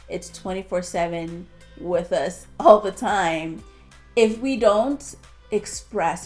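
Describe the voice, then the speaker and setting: A woman's voice: mid-range voice, darkish tone. A woman vlogger talking casually to her viewers about motivation, rambling a little and filling gaps with "like". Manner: chatty, heavy use of "like", light self-laughing. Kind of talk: casual talk to camera.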